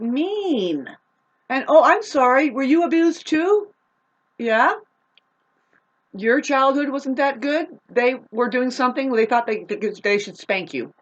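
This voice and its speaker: A woman delivers an unscripted rant to camera, cursing freely and rambling between jabs. Her voice sits in a middle range, jumping to loud outbursts and then dropping to a low mutter. The recording sounds dull and lo-fi. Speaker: vlogger.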